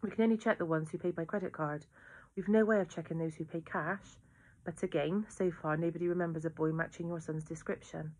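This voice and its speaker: A patient police inspector in a storybook, measured and reassuring, as a woman reads her lines. She stays steady and pitches a little brighter than the narration.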